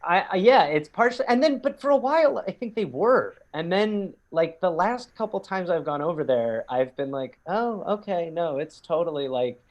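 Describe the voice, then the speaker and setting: A man, a guest comedian, chatting casually and cracking wry, deadpan jokes over a video call. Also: high-pitched, moderate pace, few pauses, dull audio. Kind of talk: casual comedic interview chat.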